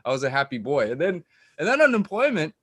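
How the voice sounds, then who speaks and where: A man's voice: fairly high pitch, very animated, fast talker, a bit bright, no echo, clean studio sound. A man doing a crude, swearing stand-up set, laughing at his own jokes, on a cheap lip mic. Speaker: stand-up comedian.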